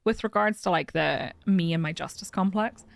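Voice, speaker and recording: A woman's voice: on the low side, moderate pace, vocal fry, no echo, studio quality. A woman streaming a game live, chatting casually and animatedly, often laughing and swearing.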